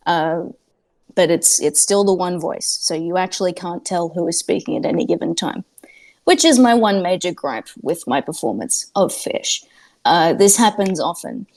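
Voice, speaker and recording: A woman's voice: on the low side, animated, normal speed, darkish tone. A woman playing a tabletop game on a podcast, chatting casually from home in a rambling, self-mocking way with lots of fillers. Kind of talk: casual chat. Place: at home with cats nearby.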